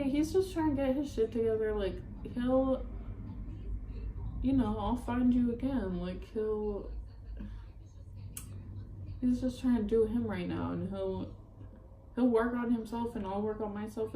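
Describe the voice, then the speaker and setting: A young woman vlogs a rambling, ranting storytime about a breakup, upset and near tears, swearing and using lots of fillers. Her voice is fairly high and warm, captured in a low-quality, reverberant recording with slight background noise.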